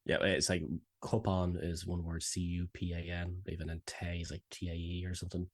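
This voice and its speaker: An Irish man co-hosts a podcast, chipping in with dry, wisecracking asides. His voice sits very low and has a husky edge. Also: monotone, brisk. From Ireland. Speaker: podcast co-host. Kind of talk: casual podcast chat.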